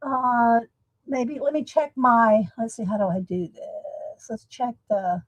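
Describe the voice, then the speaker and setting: A woman's voice: on the high side, lively intonation, slow pace, dry recording, highs cut off. A woman hosting a casual livestream from home, chatting and laughing often while greeting viewers by name. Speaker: livestream host. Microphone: desktop USB microphone.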